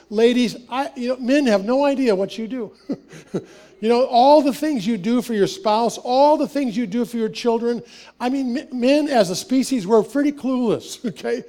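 A middle-aged man from Wisconsin speaks to an audience, sharing personal stories in an earnest, folksy way with wry humor. His voice sits fairly high for a man yet sounds soft and mellow. He often restarts his sentences as he talks. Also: moderate pace. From Wisconsin, USA. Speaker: author and speaker. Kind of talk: personal storytelling talk to an audience.

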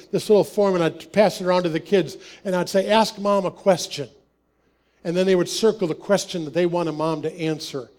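A middle-aged man from Wisconsin speaks to an audience, sharing personal stories in an earnest, folksy way with wry humor. His voice sits fairly high for a man yet sounds soft and mellow. He often restarts his sentences as he talks. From Wisconsin, USA. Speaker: author and speaker. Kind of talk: personal storytelling talk to an audience.

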